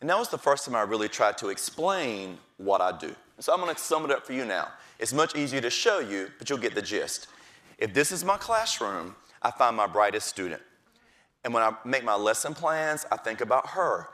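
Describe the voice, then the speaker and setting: A middle-aged man, a teacher, telling stories from his classroom with lively delivery and acting out the voices of kids and his principal. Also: mid-range voice, normal speed. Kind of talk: storytelling talk.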